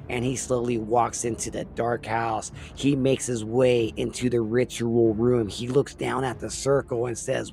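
Male horror storyteller, slow, gravelly voice, faint music bed. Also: mid-range voice. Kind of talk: retelling a film plot.

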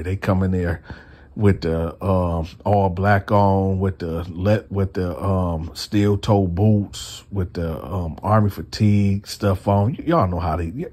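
A man hosting a casual storytime, retelling in an animated, slangy way. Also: deep voice. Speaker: storyteller, channel host.

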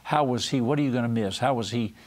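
A man's voice: medium pitch, quick pace. Folksy man preaching. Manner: folksy storytelling, acting out quoted voices. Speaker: pastor and TV host. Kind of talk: televised sermon.

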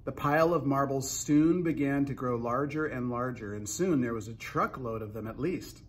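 A man's voice: mid-range voice, moderate pace, a little hiss or hum. A man reading a children's book aloud, narrating unhurriedly with small restarts.

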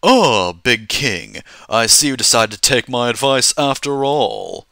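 Guy doing a smug lord, slow and dismissive, bright dry voice. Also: mid-range voice, huge pitch swings, vocal fry, no room sound, full character voice.

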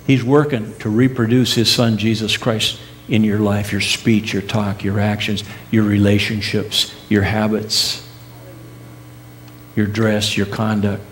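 A middle-aged male pastor preaching a sermon in earnest, with emphatic rising peaks, soft drops and casual folksy asides. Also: lowish voice, level tone, measured pace, a little hiss or hum. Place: church sanctuary.

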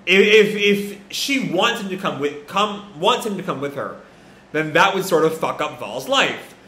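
A man's voice: high-pitched, expressive, a little slow, sharp tone. A man with stuffy sinuses and a cracking voice, reading manga aloud and reacting in a rambling way, in an echoey room. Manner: rambling, thinks aloud with fillers. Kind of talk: casual live reading and reaction.

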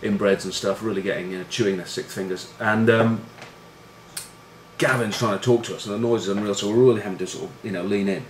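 A man's voice: lowish voice, steady tone, fast. Swearing, self-deprecating ex-rugby man. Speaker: former rugby player and pundit. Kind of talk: casual storytelling. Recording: roomy room echo with faint noise.

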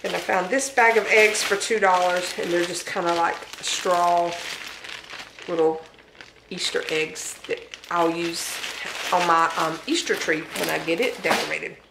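A woman's voice: fairly low pitch, steady tone, a little slow, gravelly, reverberant, background noise. Chatty Southern woman showing thrift finds. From Southern United States. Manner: chatty, homey, laughs at herself. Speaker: thrift haul vlogger. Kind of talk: casual show-and-tell chat. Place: home dining room.

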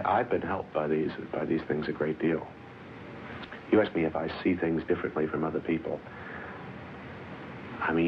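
American guy in his 40s, film director, super low voice, kinda muffled old tv sound. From United States. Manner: thoughtful, circling phrases and restarting often. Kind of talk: reflective interview answers. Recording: dull 1970s TV broadcast audio, faint hiss.

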